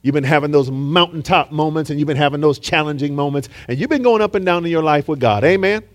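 A pastor delivering a sermon talks fast in a slightly high voice. He recounts a story dramatically, voicing the quotes, and calls out to the congregation for responses.

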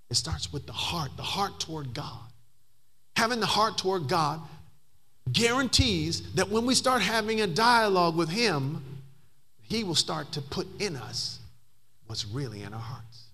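Male pastor, sermon, lively swooping pitch, bright forceful tone, emphatic build-ups. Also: slightly rough.

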